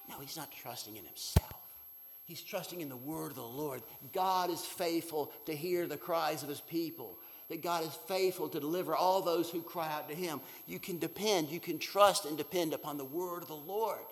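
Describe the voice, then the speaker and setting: A man preaching a sermon as pastor, shifting between hushed, whispered lines and loud, emphatic ones. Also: fairly high pitch, expressive, a little fast. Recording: reverberant hall.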